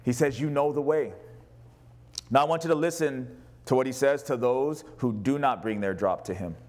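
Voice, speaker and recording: A man preaching as pastor, passionate, moving between a raised voice and a hushed, tender delivery. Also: mid-range voice, brisk. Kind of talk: sermon.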